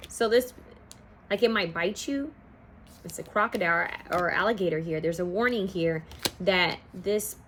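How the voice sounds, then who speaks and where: A woman's voice: mid-range voice, a little hiss or hum. A woman giving a casual, rambling pick-a-card tarot reading, now and then singing bits of songs. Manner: chatty, rambling, sings song snippets.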